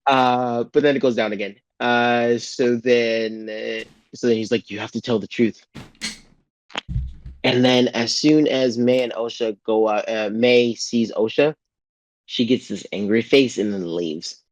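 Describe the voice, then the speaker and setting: A man recapping a TV episode in casual podcast chat, rambling with lots of "like" and jumping into a high voice to act out lines. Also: fairly even intonation, a little slow, dry recording, dull audio. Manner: rambling, full of "like" and restarts, acts out quotes in a raised voice. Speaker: podcast co-host.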